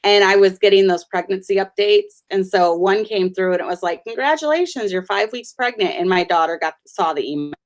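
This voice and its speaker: A woman's voice: fairly low pitch, steady tone, a little fast, hardly any pauses. Chatty woman host telling stories. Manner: chatty, laughs between anecdotes. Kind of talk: conversational storytelling.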